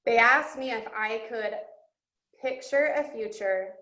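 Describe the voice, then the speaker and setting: A woman with a fairly high voice tells her own story as a guest speaker, earnest and openly emotional. The sound is dull and lo-fi, caught in a roomy, echoing space. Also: measured pace, bright, forceful tone. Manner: earnest and emotional, with breaks into laughter. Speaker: guest speaker at a coaching session. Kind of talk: personal testimony talk.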